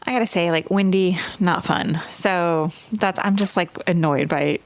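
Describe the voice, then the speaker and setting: A woman co-hosting a podcast, blunt and opinionated in casual chat and quick to laugh. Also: fairly low pitch, no echo. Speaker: podcast co-host. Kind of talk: casual chat recapping a reality show.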